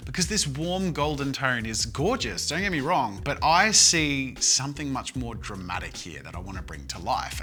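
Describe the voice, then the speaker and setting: A man in his thirties narrating a painting vlog in an energetic, enthusiastic, chatty way. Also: medium pitch. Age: 30s. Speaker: art YouTuber. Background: music.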